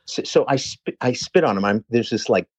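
A man telling a lively, swearing anecdote in a casual chat, talking fast. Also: medium pitch, breathy edge, no room sound. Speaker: personal trainer telling a story.

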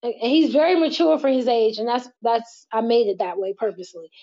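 A young woman talks candidly and casually as an interview guest, laughing easily and swearing without a second thought. Her voice sits a little high. The audio is dull and muffled. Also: brisk, warm tone. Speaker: guest, model and mother.

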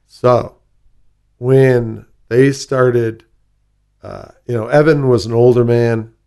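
A man with a Chicago accent tells his stories as an interview guest. His voice is gravelly and sits at mid pitch, and he rambles and restarts often. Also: steady tone, slow, darkish tone. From southwest side of Chicago. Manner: rambling, with many fillers and restarts. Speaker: guest, whisky ambassador. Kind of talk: casual interview storytelling.

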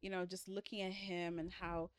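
A young woman co-hosting a casual book chat, animated and dramatic, laughing often. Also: on the low side, moderate pace, clean tone, no echo. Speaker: podcast co-host.

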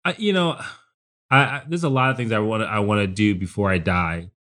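A man's voice: on the low side, fairly quick, fairly bright tone. A middle-aged man, a father, talking earnestly in a casual family chat, often restarting his sentences. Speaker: father and podcast co-host.

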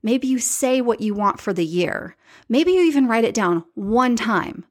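A woman's voice: fairly high pitch, animated, unhurried. A woman hosting a podcast, talking in an emphatic, chatty way, repeating her key points and speaking straight to her live viewers. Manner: addresses live viewers directly. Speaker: podcast host. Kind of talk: casual solo podcast monologue.

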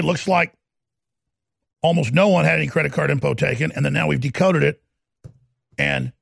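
A man's voice: on the high side, creaky, breathy edge, dry recording, clean studio sound. A man hosting a political talk show, ranting in a heated, sarcastic way. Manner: ranting, sarcastic, slips into mocking impressions.

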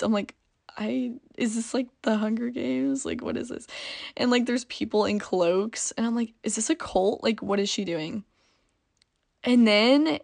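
Giggly young woman with a gravelly edge. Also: medium pitch. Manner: chatty and giggly, with frequent "like" fillers. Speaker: vlogger. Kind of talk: casual storytime chat.

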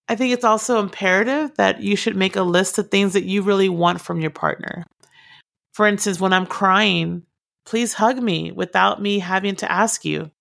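A woman's voice: lowish voice, creaky, a bit bright. A woman giving direct, earnest relationship advice and repeating her key points for emphasis. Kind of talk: advice talk to camera.

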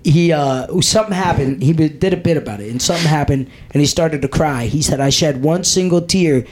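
A young man in casual podcast chat, blunt and animated, swearing freely. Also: fairly high pitch, brisk. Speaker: podcast co-host.

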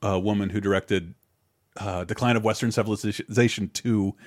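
A man's voice: lowish voice, fairly even intonation, normal speed, dry recording, clean studio sound. A man in his thirties talks loosely on a podcast, rambling through his points with frequent restarts. He swears casually and freely as he chats. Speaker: podcast co-host. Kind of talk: casual chat.

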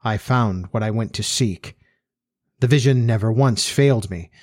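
A man voicing a solemn elderly male professor who speaks quietly and gravely, with an even, metallic ring. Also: fairly low pitch, no echo, clean studio sound, lightly acted. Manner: quiet, grave, slow and final.

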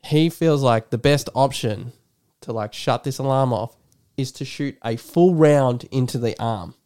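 A man co-hosting a casual film podcast, retelling scenes with animated energy and frequent laughter. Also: mid-range voice, measured pace, clear, resonant tone. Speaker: podcast co-host. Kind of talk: casual film review chat.

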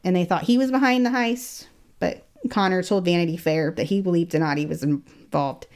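A woman telling a true-crime story in casual chat, animated, laughing often and acting out quotes. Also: fairly low pitch, moderate pace. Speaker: guest storyteller.

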